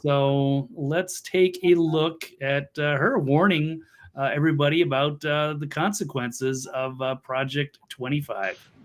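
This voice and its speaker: A man hosting a political talk show, speaking with deadpan irony and lots of fillers. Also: fairly high pitch, measured pace. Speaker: host.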